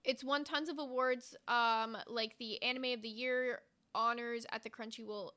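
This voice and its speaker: A woman's voice: fairly high pitch, steady tone, moderate pace, pushed and bright, clean tone. A woman co-hosting a podcast in casual chat, stumbling a little as she reads aloud and apologizing. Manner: stumbles when reading, apologetic. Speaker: podcast co-host.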